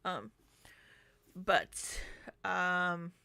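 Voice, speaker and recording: A woman's voice: fairly low pitch, animated, extremely slow, vocal fry, bright, forceful tone, no echo. Chatty woman vlogger, dry close sound. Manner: chatty and rambling, with frequent ums and asides. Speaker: commentary YouTuber. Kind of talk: casual commentary vlog.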